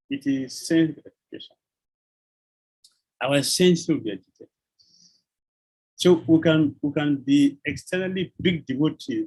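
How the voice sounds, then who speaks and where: Husky man giving a devotional sermon. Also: on the high side, darkish tone, poor audio. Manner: repeats phrases, chuckles, uses devotional terms. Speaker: swami giving a scripture lecture.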